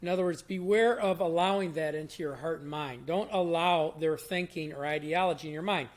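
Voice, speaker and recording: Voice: medium pitch, fairly quick. Plain-spoken conversational Bible teacher. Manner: plain-spoken, explains verses in everyday words; repeats and restarts phrases while thinking aloud. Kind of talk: short conversational Bible devotional.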